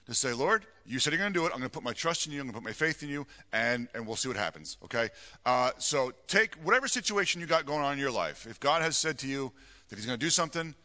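A male pastor delivering a sermon, his fairly high voice bright and sharp, rising and falling with lively animation. He drives points home by repeating them and often restarts his sentences. The sound carries the long reverb of a church sanctuary. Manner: emphatic, repeats key phrases, frequent restarts. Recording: long reverb of a large hall.

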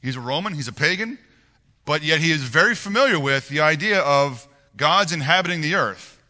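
A man preaching a sermon as pastor, reading scripture aloud and explaining it with animated rhetorical questions to the congregation. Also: on the high side, moderate pace, long reverb tail.

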